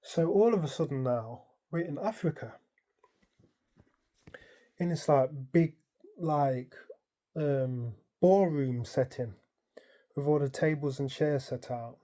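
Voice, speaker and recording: A man tells his dream in a loose, rambling way, leaning on "like" and "um" as he goes. His voice is mellow and soft-edged, and he tells it in an easy, casual way. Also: a little high, takes it slowly, long pauses. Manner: rambling, animated retelling full of "like" and "um"; colloquial, storytelling present tense. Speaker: dream vlogger. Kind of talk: casual storytelling.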